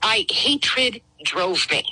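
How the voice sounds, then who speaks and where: A middle-aged woman guest sharing a personal story, emotional and halting, acting out quotes. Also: medium pitch, sing-song, pushed and bright, husky, no echo, low-quality recording. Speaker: guest caller. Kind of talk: personal testimony.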